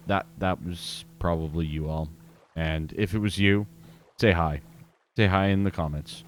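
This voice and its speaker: A man's voice: deep voice, a little slow. A man hosting a gaming video, giving casual gameplay commentary in a chatty, self-mocking way and talking straight to his viewers.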